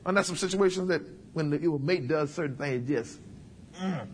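Man preaching, kinda high voice, jokey folksy sermon. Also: moderate pace, a little hiss or hum. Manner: humorous, folksy preaching with acted asides. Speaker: pastor.

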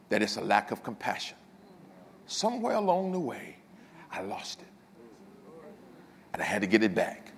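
An older pastor preaching a sermon, swinging from loud passages to hushed ones, with humorous asides to the congregation. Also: male voice, mid-range voice, gravelly, in a large hall, slight background noise. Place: church.

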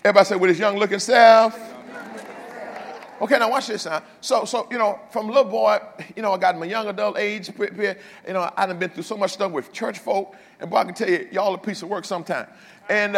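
An older pastor with a high, ringing voice preaches a sermon in a long-echoing hall. He swings between loud, emphatic lines and hushed ones, and drops in humorous asides to the congregation. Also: creaky. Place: church.

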